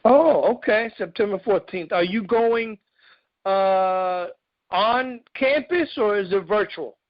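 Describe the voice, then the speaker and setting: A man hosts a casual interview with a high-pitched voice and a teasing, joking manner. His speech is loose and full of slang. The audio is dry and a little dull, like a lo-fi call. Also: slow pace, no room sound. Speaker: interview host.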